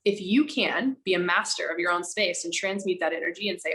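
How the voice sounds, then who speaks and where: A woman speaking candidly as a podcast guest, animated and emphatic, slowing down to stress her words and now and then swearing for emphasis. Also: medium pitch, low-quality recording. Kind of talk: candid conversational storytelling.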